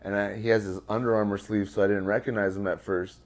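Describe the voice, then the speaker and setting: A male interview guest tells a personal story fast, his lowish voice showing little pitch movement. The delivery is loose and casual, with frequent swearing and plenty of fillers.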